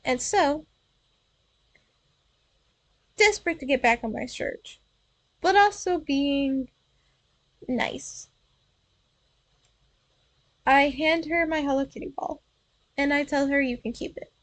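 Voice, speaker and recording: A young woman with a high voice tells personal stories in a chatty, playful way. She often catches and corrects herself mid-sentence. Her voice is close and dry, with no room echo. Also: slow pace, pauses often. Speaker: virtual streamer telling stories. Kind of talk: casual storytelling.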